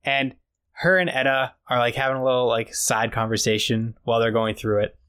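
A man's voice: medium pitch, steady tone, fairly quick, a bit bright, smooth. A man in the middle of his register chats loosely on a podcast. He retells the action scene by scene, dropping in quoted lines and plenty of "like" fillers. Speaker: podcast co-host. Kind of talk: casual recap chat.

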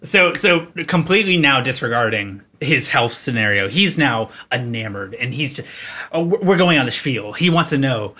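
Casting: male tabletop player, very bright and husky, playful. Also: mid-range voice, lively intonation, moderate pace. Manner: playful, formal in-character speech. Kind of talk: tabletop role-play.

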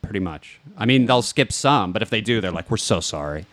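A man's voice: fairly low pitch, a little fast, a bit bright, no echo. A man born in New York City co-hosting a casual podcast, rambling and joking, often cutting himself off. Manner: rambling, self-interrupting, joking.

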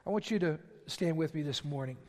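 A man's voice: a little high, a little fast, darkish tone. A man preaching a sermon as pastor, with impassioned, emphatic repetition. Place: large church sanctuary. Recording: long reverb of a large hall.

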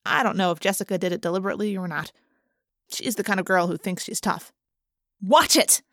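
A woman narrating a first-person audiobook in a brisk, expressive way. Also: mid-range voice, no room sound, studio quality.

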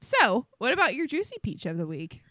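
A young woman chats casually as a podcast co-host. Her voice is bright and slightly high for a woman. The sound is dry and close, and she tells stories animatedly, acting out the quoted lines. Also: wildly swooping pitch, a little fast, dry recording. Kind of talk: casual chat. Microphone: podcast studio microphone.

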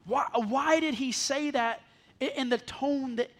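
A man's voice: very high-pitched, a little slow. A man who is a pastor preaching a sermon to a congregation, earnest, often repeating words as he restarts. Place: church service before a congregation.

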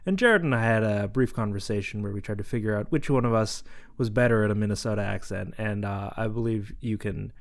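A man co-hosting a podcast, chatting casually and haltingly about a story. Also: on the low side, vocal fry. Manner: relaxed, halting, with fillers. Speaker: podcast co-host. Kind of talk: casual chat.

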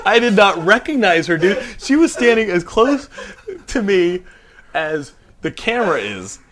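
Podcast host, young man, bright forceful voice, a bit high, animated raconteur who acts out the people in his story. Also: unhurried. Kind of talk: casual chat.

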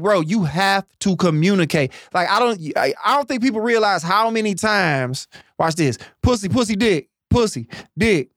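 Man, casual joking chat, loose profane storyteller, fairly high voice, dry close sound. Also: no echo.

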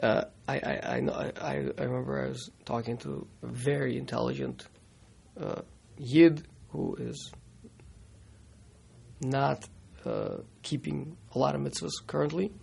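A man teaching a Torah class, halting and repeating words, mixing Hebrew terms into his English. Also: mid-range voice, expressive, vocal fry, husky.

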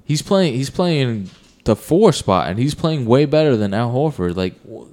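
A man's voice: medium pitch, big pitch swings, measured pace, darkish tone. A young man co-hosting a podcast, giving opinionated takes in casual sports chat and talking over the others. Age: young adult. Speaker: podcast co-host.

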